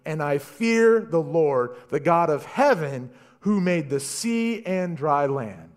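Man doing a solemn prophet, slow and firm, own voice lightly raised. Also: fairly high pitch, lively intonation. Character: Jonah, man, solemn prophet declaring his faith. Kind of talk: sermon storytelling.

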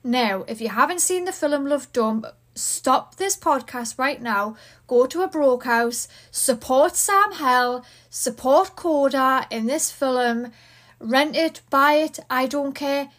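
Geordie woman podcast host, high bright voice, rapid excitable chatter. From Newcastle, England. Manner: excitable, fast and gushing. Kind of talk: casual podcast chat.

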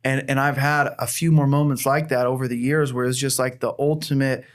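A man's voice: mid-range voice, flat delivery, a little fast. A man who is starting a new church tells his personal testimony in a conversation, speaking earnestly and often restarting his sentences. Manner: earnest, heartfelt storytelling with frequent restarts. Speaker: church planter.

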